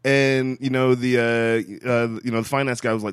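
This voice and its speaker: A man's voice: mid-range voice, steady tone, normal speed, clean tone, no echo, clean studio sound. A man co-hosting a podcast in casual comedic chat, playful and chuckling as he mimics people. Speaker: podcast co-host.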